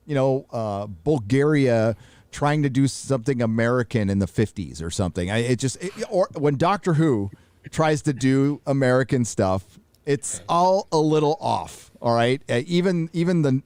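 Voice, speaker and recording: A man's voice: mid-range voice, animated, moderate pace, a little mellow, no echo. A man co-hosting a casual panel chat, talking bluntly and profanely, rambling with fillers. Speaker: co-host.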